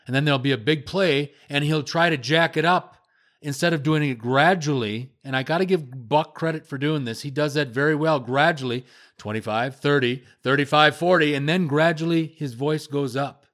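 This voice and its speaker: An older man hosting sports talk, giving a blunt, opinionated rant that gets louder as he heats up. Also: a little high, normal speed. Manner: blunt, ranting critique, voice rising when heated. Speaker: sports radio host.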